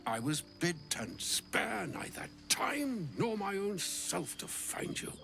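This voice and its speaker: A man's voice: sits high, sing-song, takes it slowly, vocal fry, bright, forceful tone, slightly rough, faint music behind, exaggerated voice. An actor playing a courtly, long-winded ancient male wizard in a video game, speaking in ornate archaic phrases. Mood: weary. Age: older. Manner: archaic, elaborate, pompous phrasing.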